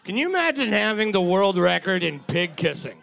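Gravelly man co-hosting bar trivia. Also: sits high, fairly quick. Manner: deadpan, crude jokes, counts scores. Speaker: trivia co-host. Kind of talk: live bar trivia banter.

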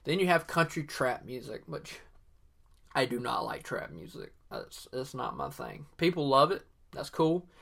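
Bright-voiced rambling Southern man. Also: mid-range voice, big pitch swings, unhurried, creaky. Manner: rambling, filler-heavy, opinionated. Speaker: podcast host. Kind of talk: casual solo podcast talk.

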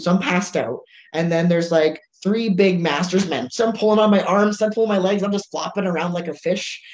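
A woman, a strongwoman competitor, chatting casually and telling animated stories, acting out what people said to her. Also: fairly low pitch. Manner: animated storyteller acting out dialogue. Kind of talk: casual chat. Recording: roomy, dull lo-fi sound.

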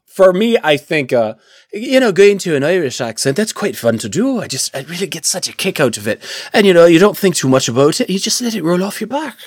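A young voice actor from Indiana talks casually and laughs often between his phrases. His pitch swings widely, up and down. The sound is close and dry. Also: sing-song, brisk, slightly rough, no room sound. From Indiana, USA. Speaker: voice actor guest. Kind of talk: casual interview chat.

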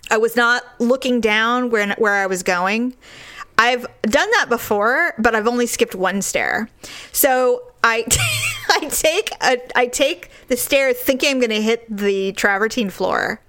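A woman in her forties telling a funny story in casual chat, laughing often and acting out what people said. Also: measured pace. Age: 40s. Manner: animated, laughs often, acts out quoted lines in a high voice.

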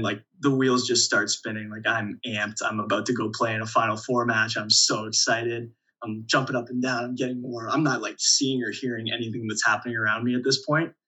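Bright, husky-voiced young man telling stories. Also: mid-range voice, highs cut off. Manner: relaxed storyteller, many restarts and chuckles. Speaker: volleyball player guest. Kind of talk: casual interview storytelling.

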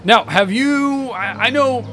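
A man's voice: very high voice, slow, sharp tone. A young man co-hosting a comedy podcast, telling stories in a brash, profane casual chat. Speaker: podcast co-host.

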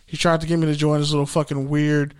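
Young man, casual storytelling, profane, animated, acts out quotes, slightly high voice. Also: fast talker, smooth. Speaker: podcast host.

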